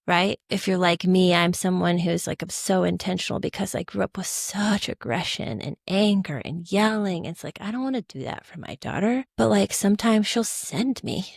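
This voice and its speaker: A woman guest on a podcast, talking in a casual, animated way and telling stories expressively. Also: medium pitch, moderate pace, gravelly, few pauses, no room sound, clean studio sound. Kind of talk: casual conversational chat.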